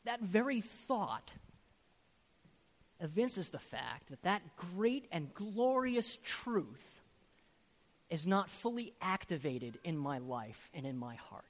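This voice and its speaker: A pastor with a strikingly high voice preaches an earnest, emphatic sermon and keeps pressing his listeners with rhetorical questions. His voice carries a long, lingering reverb, as if the sound fills a large church sanctuary. He is a man speaking from the pulpit to his congregation. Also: sing-song, slow pace.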